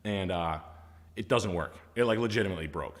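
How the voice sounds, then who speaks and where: A man's voice: low-pitched, fairly quick, long reverb tail. A man telling funny work stories on a live stream, acting out the voices of the people in them and swearing freely. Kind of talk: casual storytelling chat.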